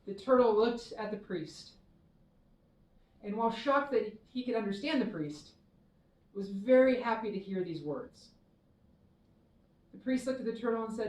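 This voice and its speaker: A woman's voice: a little high, unhurried, pauses often. Woman telling a temple story. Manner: warm, expressive storyteller. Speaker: temple minister. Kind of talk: children's dharma talk, storytelling. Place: temple hall. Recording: echoey hall, mic far off.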